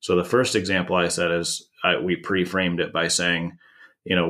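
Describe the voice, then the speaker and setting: Deep-voiced man explaining marketing. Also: steady tone, normal speed, sharp tone. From United States. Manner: explanatory, with many restarts. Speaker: marketing consultant. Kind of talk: conversational podcast explanation.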